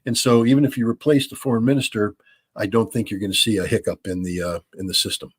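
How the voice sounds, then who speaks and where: An American man with a fairly low, husky voice, talking through a call-in question at length. He explains loosely, with plenty of ums and restarts, as the show's regular guest. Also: steady tone, fast talker. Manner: many fillers and restarts, explanatory. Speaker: guest analyst, regular of the show. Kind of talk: call-in Q&A commentary.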